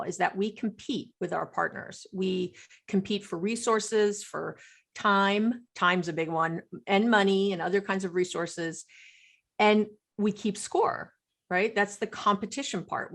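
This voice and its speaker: A middle-aged woman psychologist, a podcast guest, explaining relationships in lively talk and acting out what partners say. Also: medium pitch. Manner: animated, acts out quoted partners.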